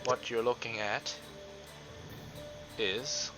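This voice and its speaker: A man's voice: medium pitch, steady tone, very slow, poor audio. A man narrating as game master of a tabletop game over voice chat, describing scenes with many fillers and restarts. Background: game soundtrack music.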